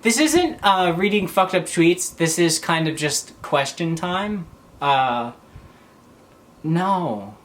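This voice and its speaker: A woman answering fan questions in a casual vlog, rambling, jokey and excitable. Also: lowish voice, takes it slowly.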